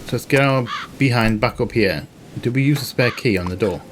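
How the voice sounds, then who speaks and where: A man casually commentating while he plays a mystery game, chatty and self-mocking as he thinks out loud. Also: medium pitch, fairly quick, over music. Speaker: game streamer. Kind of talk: casual let's-play commentary.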